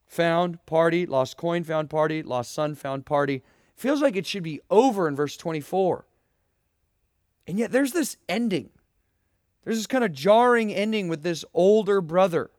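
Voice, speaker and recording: A young man delivers a sermon in an earnest, emphatic way, firing rhetorical questions at his listeners. His voice sits fairly high for a man. The sound is dry and close, with little room around it. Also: a little mellow, dry recording. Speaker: pastor.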